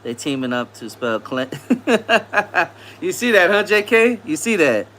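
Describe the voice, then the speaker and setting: A man hosts a live stream and answers chat in a relaxed, slangy way. His voice is bright and fairly high for a man. His pitch swings widely from line to line. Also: unhurried. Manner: laid-back slangy banter, laughs often.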